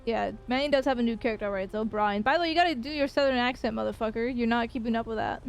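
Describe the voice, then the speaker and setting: A woman game streamer talking casually to her viewers in a slightly high voice. She rambles loosely, drops curse words and fills gaps with "um" and "uh". A faint background hum sits under her voice. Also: rapid-fire, gravelly. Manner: loose and chatty with swearing and filler hesitations.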